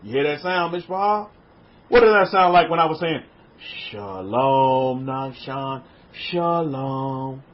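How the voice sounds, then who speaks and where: Male religious teacher, high pitch, gentle questioning delivery with hushed drops, muffled lo-fi audio. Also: a little fast, slight background noise. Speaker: religious teacher leading an online class. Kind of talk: interactive spiritual teaching.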